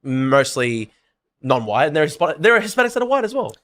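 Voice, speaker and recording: An Australian man in a casual live debate, his words tumbling out in rapid, restart-filled bursts. His pitch sits a touch high and swings widely as he talks. He keeps going at a brisk clip. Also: very animated, fairly bright tone. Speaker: guest debater.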